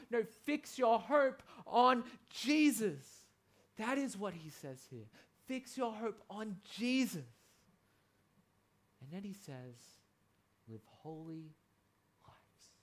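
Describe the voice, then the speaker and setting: A man's voice: sits high, fairly bright tone. A man in his thirties preaching a sermon, earnest and conversational, with many fillers and emphatic peaks.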